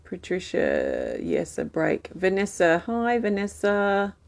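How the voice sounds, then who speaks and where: A woman hosting a live healing stream, reading out viewers' comments and answering them in a gentle, soothing, reassuring way. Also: medium pitch, wildly swooping pitch, takes it slowly, creaky. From Australia.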